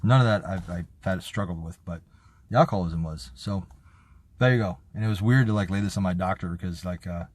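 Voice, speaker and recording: Man, low voice, rambling, casual storytelling, lots of ums and uhs. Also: fairly quick. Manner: rambling, many fillers and restarts, swears casually. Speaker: vlogger.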